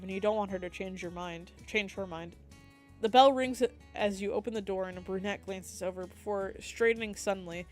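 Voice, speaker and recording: A young woman, a streamer, reading the text of a dating game aloud with lively asides and slips. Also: mid-range voice.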